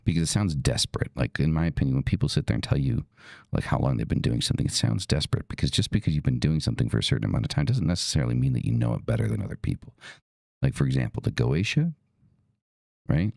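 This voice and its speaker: Very deep, gravelly-voiced man. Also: lively intonation, quick pace, darkish tone, no echo. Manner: blunt and profane, emphatic. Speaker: podcast host. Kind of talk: casual talk.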